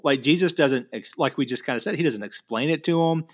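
A man's voice: mid-range voice, fairly quick, few pauses. A man discussing scripture in a casual conversation, quoting passages and acting out the speakers with lots of fillers. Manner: conversational, quotes scripture with voiced asides, many fillers.

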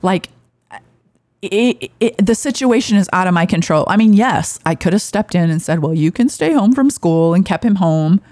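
A middle-aged woman hosting a casual faith podcast, chatting and telling family stories in a rambling, warm-hearted way. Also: fairly low pitch, lively intonation, moderate pace, no echo. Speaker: podcast host. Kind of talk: casual devotional chat.

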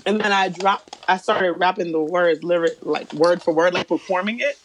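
A podcast co-host telling a party story in casual, animated group banter. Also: mid-range voice, moderate pace, background noise. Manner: storytelling, animated, laughs often.

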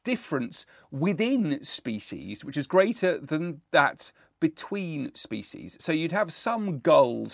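Male podcast co-host, from the UK, mid pitch, keen and musing, dead-dry recording. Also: no room sound. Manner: enthusiastic, musing, with frequent ums. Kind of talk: storytelling, reading out historical accounts.

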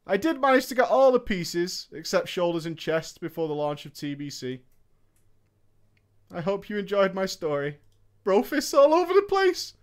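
A man with a high, bright voice that leaps all over the place reads viewers' gaming stories aloud. He stops to react with profane jokes and frequent laughter, keeping it loose and conversational. His pitch swings widely from line to line. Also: moderate pace. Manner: animated and profane, laughing often. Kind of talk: casual storytelling chat.

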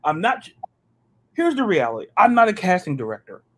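A man from the American South co-hosting a podcast, talking in an animated, ranting way and stumbling over repeated words when excited. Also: high voice, fairly quick. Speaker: podcast co-host. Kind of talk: casual sports chat.

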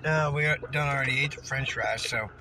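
A tipsy man with a Missouri accent hosting a casual podcast, telling a rambling, profane story that keeps getting more excited. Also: mid-range voice, brisk, background noise. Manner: profane, excitable, slurring a little. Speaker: podcast host.

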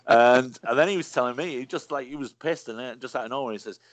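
A man's voice: mid-range voice, lively intonation, fast talker, hardly any pauses. A man, a stand-up comedian telling rambling anecdotes, swearing freely and laughing as he goes. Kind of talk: casual conversational storytelling.

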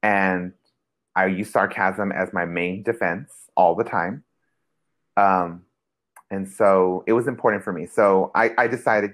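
Young guy chatting on a podcast, lowish voice, lots of "like", acts out every voice in his story. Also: measured pace. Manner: animated storyteller, acts out quoted voices, heavy use of "like". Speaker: podcast co-host. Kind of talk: casual chat.

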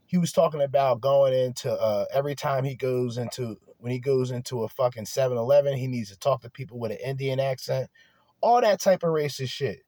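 A man speaking in a blunt, rambling monologue, cursing freely and tripping over restarts. His pitch sits in the middle range for a man. The sound is dry and close, with no room echo. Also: a little fast, mellow. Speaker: podcast host. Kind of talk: casual monologue.

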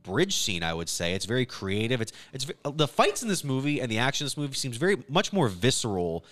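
A man co-hosting a casual podcast, retelling a film plot in an animated way with quick quoted lines. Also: mid-range voice. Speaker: podcast co-host. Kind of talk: casual movie recap chat.

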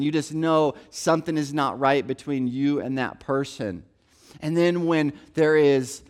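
Male pastor, a bit high-pitched, chatty sermon delivery, acts out quoted lines. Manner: conversational preaching, acts out quotes, repeats "here's the thing".

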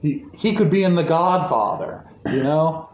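Animated young-sounding man chatting about a film. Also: on the high side, unhurried. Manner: animated, laughs often, acts out scenes. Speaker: podcast co-host. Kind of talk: casual movie review chat. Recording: muffled echoey room with faint hiss.

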